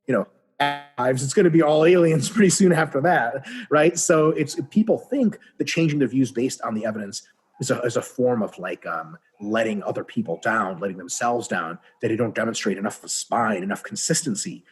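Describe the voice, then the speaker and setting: A man talking as a guest on a podcast in casual conversation, profane and animated, often acting out little dialogues. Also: medium pitch. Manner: profane, animated, acts out dialogue in quick voices.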